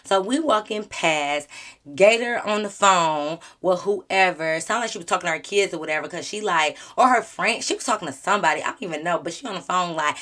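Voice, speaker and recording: A woman YouTuber telling a storytime vlog with sass and lots of slang. Her retelling is animated and her voice sits at a medium pitch. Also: moderate pace.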